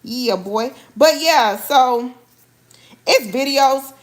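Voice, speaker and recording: A woman's voice: high-pitched, lively intonation, drawn-out words. Chatty woman cooking live for viewers. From Haiti. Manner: chatty, addresses viewers as y'all. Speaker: cooking vlogger. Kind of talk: casual live cooking stream. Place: home kitchen.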